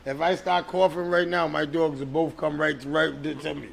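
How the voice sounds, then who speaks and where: Gravelly guy on a podcast, fairly high voice, lots of "hey yo" and cussing. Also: level tone, moderate pace. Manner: loose, profane, says "hey, yo" a lot. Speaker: podcast host. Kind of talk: casual podcast banter.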